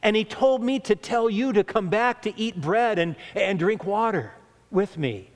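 A man's voice: high-pitched, expressive, measured pace, voice pushed up. A man preaching a sermon, voicing a deceitful old male prophet in a coaxing tone, in a hall with long echo. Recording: echoey hall reverb.

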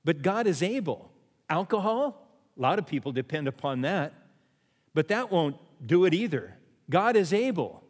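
Pastor preaching in a reverberant hall. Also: male voice, on the high side, sing-song, moderate pace. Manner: repeats refrains, asks the listeners questions. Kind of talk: sermon.

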